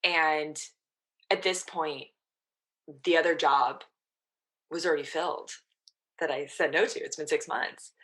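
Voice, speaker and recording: Bright-voiced woman telling her story. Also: low voice, unhurried, pauses often. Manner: animated, quotes her own past thoughts. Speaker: guest, mental performance coach. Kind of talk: casual storytelling in a podcast interview.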